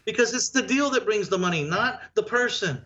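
A man's voice: sits high, brisk, a little hiss or hum. A man who invests in and teaches real estate, talking in a casual interview and acting out the people in his stories. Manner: animated storyteller, acts out dialogue. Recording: dull lo-fi remote audio.

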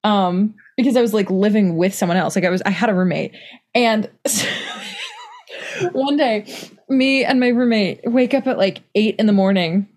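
Young woman rambling through a book club chat, says like constantly, medium pitch. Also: moderate pace, a little mellow. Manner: rambling, full of "like" fillers and restarts. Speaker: podcast co-host.

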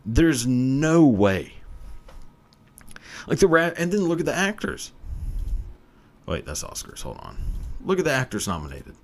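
A podcast host in casual solo commentary, ranting profanely and emphatically about award shows. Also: male voice, a little high, huge pitch swings, moderate pace, creaky, long pauses, a bit bright.

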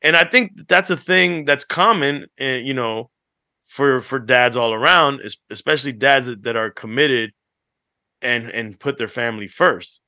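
A man co-hosting a podcast, telling animated stories that act out what others said, swearing freely as he chats. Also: mid-range voice, moderate pace, dry recording, studio quality. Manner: animated storyteller, acts out quotes, swears freely. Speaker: podcast co-host. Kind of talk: casual chat.

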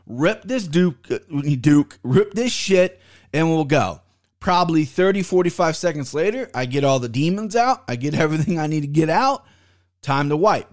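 A young man hosting a podcast, telling a story in casual, profane chat with sudden loud outbursts. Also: on the high side. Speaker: podcast host.

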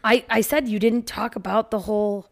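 A woman in her thirties, co-hosting a podcast in casual chat, telling stories with lots of swearing and animated retellings. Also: medium pitch, normal speed. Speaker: podcast co-host.

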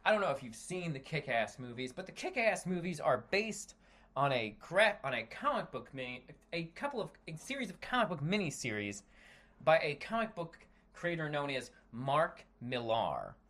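Man from the US on a solo podcast, lively swinging pitch, profane animated rant, stumbles and restarts. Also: moderate pace. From United States. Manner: animated, profane ranting with frequent swearing; trails off into self-corrections and restarts. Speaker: podcast host.

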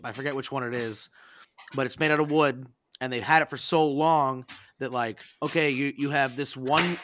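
A man hosting a podcast, telling stories in a casual, animated and profane way and acting out the people he quotes. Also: medium pitch, slight background noise. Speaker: podcast host. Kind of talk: casual storytelling chat.

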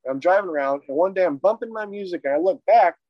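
A man casually retelling a personal story in a rambling, profane, animated way. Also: high voice, quick pace, no room sound. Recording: dry, dull lo-fi audio.

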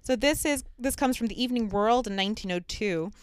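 A woman co-hosting a podcast, relaxed and quick to laugh as she lays out a historical account. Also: on the high side, smooth, no echo. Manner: laughs easily, relaxed storytelling. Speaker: podcast co-host. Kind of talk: casual chat.

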